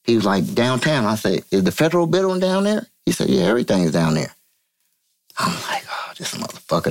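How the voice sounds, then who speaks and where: Man telling a street story animatedly. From Vallejo, California. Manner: animated, profane, acts out quotes in a higher voice. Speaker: interview guest. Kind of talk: casual storytelling.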